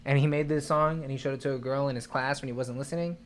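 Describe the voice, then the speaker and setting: A man's voice: mid-range voice, fairly even intonation, fast talker, a little hiss or hum. A young man co-hosting a casual livestream music review, joking loosely with heavy slang.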